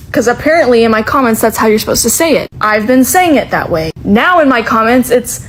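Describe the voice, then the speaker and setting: A woman's voice: a little high, animated, normal speed, a bit bright, a little hiss or hum, poor audio. A woman talking casually to camera, exasperated and blunt, swearing freely.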